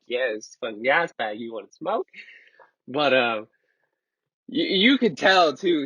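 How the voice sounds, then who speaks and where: A man's voice: medium pitch, bright, forceful tone, no room sound. A man in his twenties casually telling a rambling, profane story. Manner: rambling and profane, with many fillers. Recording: dull lo-fi sound.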